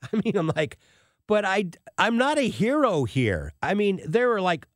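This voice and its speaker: A man hosting a talk radio show, telling a personal story in an animated way and acting out the people he quotes. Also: medium pitch, dry recording, studio quality.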